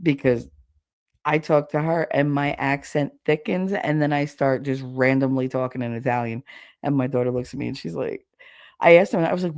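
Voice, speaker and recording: A woman's voice: extremely low pitch, steady tone, normal speed, a little mellow, dry recording, studio quality. A woman with a Chicago accent chatting on a livestream, rambling, losing her train of thought and laughing often. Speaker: livestream host. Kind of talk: casual livestream chat reading comments.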